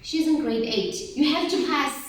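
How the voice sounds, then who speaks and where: A high-pitched woman gives a lively motivational talk to a group of teens, firing questions at them and pushing them to answer. She is picked up from across a very echoey room, with faint noise underneath. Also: normal speed, far from the mic. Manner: animated, asks the audience questions and calls for replies. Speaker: workshop speaker for teen girls.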